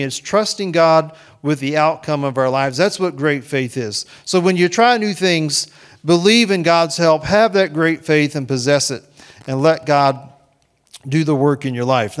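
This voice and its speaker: Earnest preaching man, fairly high voice. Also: measured pace. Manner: earnest, voices God's reassurances warmly; repeats words and restarts phrases. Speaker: pastor. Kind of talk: sermon.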